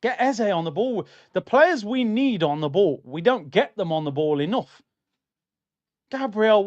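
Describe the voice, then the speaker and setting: A man's voice: fairly high pitch, dull audio. A young adult man hosting a live football watchalong stream, reacting to the match and reading out chat messages in an exasperated, slangy rant.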